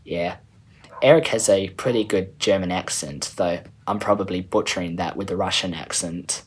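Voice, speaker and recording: A man's voice: low-pitched, normal speed, husky. A man reading his own story aloud in a casual, chatty way as the channel's storyteller. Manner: casual, chatty, a little rambling.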